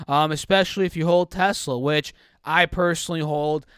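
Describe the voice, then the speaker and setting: Chatty young man with a high, clear voice. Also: fairly even intonation, a bit bright, dry recording, clean studio sound. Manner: quick, chatty, self-correcting. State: recovering from illness, slightly choked. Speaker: stock market YouTuber. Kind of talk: casual stock market commentary.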